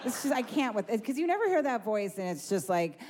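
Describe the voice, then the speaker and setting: A woman's voice: a little high, sing-song, fairly quick, noisy background. A woman doing a stand-up set, brash and profane, full of likes and you-knows. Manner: brash, profane, filler-heavy. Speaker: stand-up comedian.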